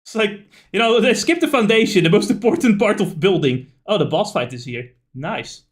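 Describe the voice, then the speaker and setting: A man's voice: high-pitched, moderate pace. A man streaming a video game, rambling through stories in casual chat, full of fillers and the odd curse. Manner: rambling, animated storyteller with frequent fillers and swearing.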